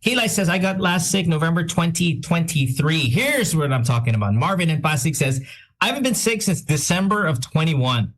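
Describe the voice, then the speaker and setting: A male radio host in casual chat, reading out listener shout-outs with quick self-deprecating asides and a slightly sick-sounding voice. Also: fairly high pitch, expressive, a little hiss or hum. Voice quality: says he sounds a bit sick.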